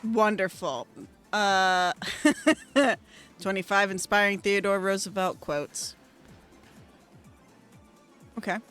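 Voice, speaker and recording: A woman doing casual let's-play commentary at her computer, rambling excitably with plenty of fillers. Her voice sits mid-range, with soft game music underneath. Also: mid-range voice, slow pace, long pauses, clear, resonant tone. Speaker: gaming streamer. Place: at home at a computer. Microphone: desk microphone.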